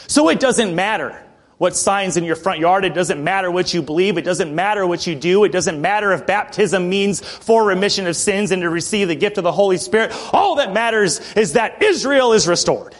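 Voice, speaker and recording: A male preacher giving a sermon in a conversational storytelling way, often clearing his throat. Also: high-pitched, lively intonation, normal speed. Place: church building.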